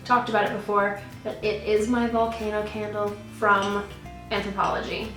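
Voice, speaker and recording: A woman's voice: mid-range voice, little pitch movement, moderate pace, fairly bright tone. A young woman vlogging in a casual, gushing, rambling way, often correcting herself. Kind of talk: casual chat. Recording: roomy echo, mic at a distance, faint music.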